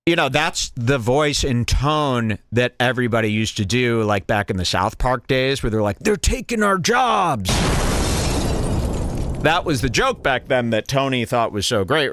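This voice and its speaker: A man hosting a podcast, giving sarcastic, animated commentary on a comedy clip. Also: medium pitch, slight background noise. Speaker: podcast host.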